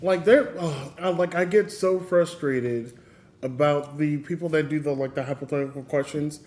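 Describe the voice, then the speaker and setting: A man's voice: fairly high pitch, moderate pace, a little mellow, slight background noise. Chatty podcast man in an echoey room. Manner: loose, laughing, filler-heavy. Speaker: podcast co-host. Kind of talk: casual chat.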